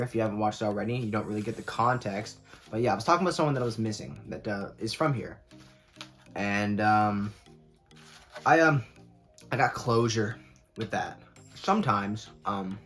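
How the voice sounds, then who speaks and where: A man's voice: on the low side, fairly bright tone. A young man vlogging casually while eating, talking candidly and rambling with lots of fillers, sometimes with food in his mouth. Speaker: mukbang vlogger.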